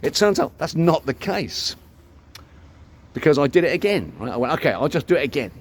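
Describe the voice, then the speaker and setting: A man's voice: a little high, a little fast, husky. Older man telling a rambling story. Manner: rambling, animated, swears freely, acts out dialogue. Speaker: vlogger. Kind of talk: casual storytelling to camera.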